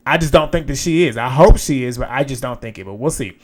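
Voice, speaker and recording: A man with a middle-of-the-road pitch talks through a reality show episode in loose, chatty commentary. He is frank and blunt, and he swears freely as he gives his opinions. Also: quick pace. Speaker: reality TV recap host. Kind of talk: casual recap commentary.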